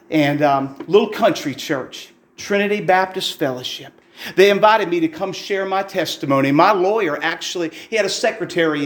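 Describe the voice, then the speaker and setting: A man's voice: a little high, roomy sound. A man preaching a fervent, folksy testimony sermon in a church, repeating his phrases for emphasis.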